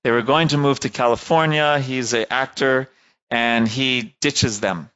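A man lectures a class in a relaxed, conversational way, with a middling voice. He talks loosely, stops to rephrase, and keeps checking that the room follows him. The recording is dull and lo-fi. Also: mid-range voice, a little slow, smooth. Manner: conversational, many fillers and "right?" checks.

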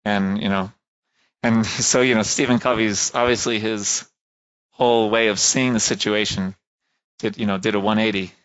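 A man's voice: fairly low pitch, steady tone, moderate pace, fairly bright tone, highs cut off. A man giving a casual classroom lecture, talking conversationally, often checking in with "right?" and stopping to rephrase.

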